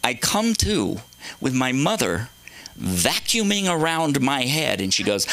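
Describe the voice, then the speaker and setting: A man's voice: mid-range voice, very animated, a little slow, bright, forceful tone. A middle-aged man doing a rambling, profane, self-mocking stand-up set on a comedy club stage.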